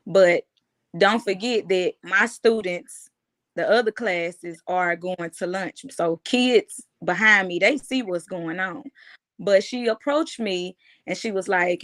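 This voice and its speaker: A woman, giving a halting, emotional personal account in an interview, often restarting her phrases. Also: medium pitch, a bit bright. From United States. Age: 30s.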